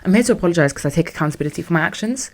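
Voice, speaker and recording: A young woman hosting a podcast, telling a story in a sassy, animated way and acting out what others said. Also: lowish voice, rapid-fire. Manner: animated, sassy, acts out quotes in other voices. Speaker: podcast host. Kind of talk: casual storytelling monologue.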